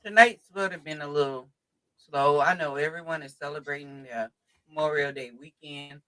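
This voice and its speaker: A man's voice: a little high, moderate pace, low-quality recording. A man hosting a live online talk show over video call, playful and calling out to his viewers. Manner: lively, playful, calls out to viewers. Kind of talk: casual live-stream hosting.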